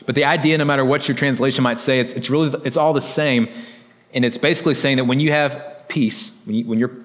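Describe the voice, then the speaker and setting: A man's voice: mid-range voice, fairly even intonation, fast. Conversational preaching man in a reverberant hall. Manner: conversational preaching with frequent "like" and "right?". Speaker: pastor. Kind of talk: sermon.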